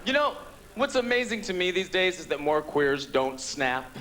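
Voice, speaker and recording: A man performing a stand-up comedy set on a theatre stage, campy, with quick punchlines. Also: high voice, big pitch swings, pushed and bright, soft background music. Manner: campy, rapid punchlines with quoted voices.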